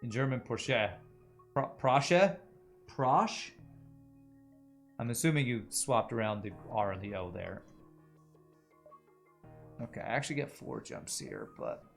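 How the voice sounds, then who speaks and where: A man narrates his own gameplay in a loose, conversational way, pausing to answer viewers. His voice has a gravelly rasp, and faint game music sits beneath it. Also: lowish voice, lively intonation. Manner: musing aloud, chatting with viewers. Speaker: streamer. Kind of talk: casual gameplay commentary.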